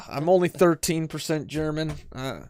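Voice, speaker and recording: A man's voice: on the high side, lively intonation, measured pace, a little mellow, no room sound, clean studio sound. A man on a casual podcast chat who often restarts his sentences and laughs along. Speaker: podcast co-host.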